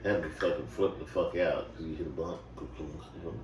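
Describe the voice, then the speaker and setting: A man telling profane, animated stories in a casual chat among friends. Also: extremely low pitch, fairly quick, noisy background. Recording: echoey room, far from mic, crowd behind.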